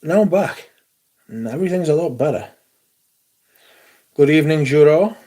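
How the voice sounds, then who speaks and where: A man's voice: fairly high pitch, lively intonation, normal speed, dark tone. A man hosting a casual livestream, sweary and grumbling about technical trouble before greeting his viewers. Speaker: livestream host.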